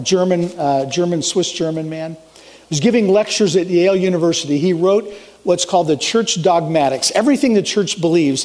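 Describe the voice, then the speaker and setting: High-voiced preaching man. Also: a little mellow. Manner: earnest, emphatic, swings up for exclamations. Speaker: pastor. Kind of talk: sermon.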